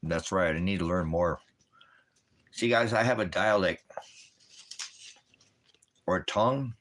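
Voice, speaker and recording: Low-pitched and fairly bright, a man speaks at a measured pace while hosting a ministry stream from his home. With a dog and a fire around, he rambles in a casual monologue full of wordplay, puns and rhymes.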